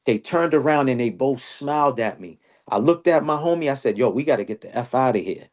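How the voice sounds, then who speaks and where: A man telling a story in casual podcast chat. His voice sits at a middle pitch, and it leaps up when he quotes others. He talks loose, slangy and animated. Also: brisk. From Boston area. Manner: animated storyteller, slang-heavy, jumps high when quoting people. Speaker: podcast host.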